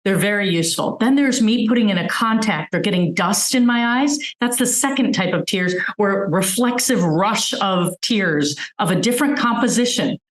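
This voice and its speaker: A woman's voice: medium pitch, expressive, moderate pace, hardly any pauses, reverberant, low-quality recording. A woman physician giving a webinar talk, earnestly explaining with everyday examples over a video call. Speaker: physician guest speaker.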